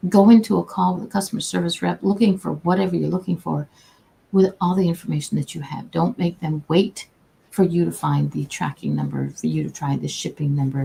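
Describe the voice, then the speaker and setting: A woman's voice: lowish voice, creaky, slight background noise, low-quality recording. A woman who works as a customer service agent, giving casual advice on a livestream in a chatty, folksy way with frequent restarts. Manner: chatty, folksy, warm-hearted, restarts sentences often. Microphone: own camera, streaming.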